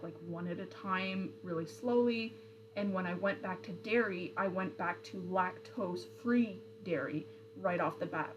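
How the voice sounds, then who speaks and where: A woman's voice: medium pitch, background noise. A young woman streamer in casual chat, rambling with lots of fillers and answering viewer comments. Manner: rambling, chatty, with frequent fillers and self-corrections.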